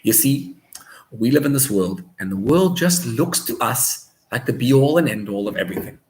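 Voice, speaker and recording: A man, a rabbi, preaching a sermon as an animated storyteller who mixes in Hebrew and Yiddish words. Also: mid-range voice, moderate pace, slight background noise. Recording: roomy echo.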